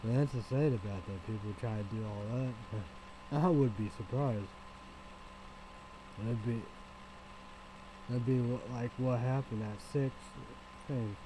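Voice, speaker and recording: A man's voice: medium pitch, takes it slowly, pauses often, noisy background. A man talking in a loose, rambling vlog, circling back on himself and swearing freely. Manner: rambling, repetitive, with frequent swearing. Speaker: vlogger.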